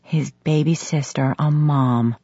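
A woman reads a romance novel in a measured, sultry way, her voice low and husky. The sound is close and dry, with no room around it. The top end is a little dull. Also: fairly even intonation, warm tone, dry recording. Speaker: audiobook narrator. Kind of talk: scripted romance narration. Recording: slightly muffled studio audio.

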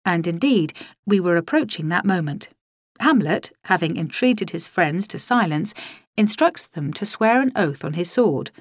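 A woman's voice: fairly low pitch, expressive, normal speed, dry recording. A woman narrating a first-person audiobook in a dry, wry storytelling manner.

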